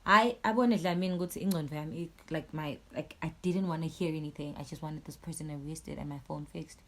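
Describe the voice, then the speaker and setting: A young woman with a Swazi accent, telling a storytime vlog in an angry, animated way, swearing and switching languages. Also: low-pitched, quick pace. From Eswatini. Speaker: YouTuber.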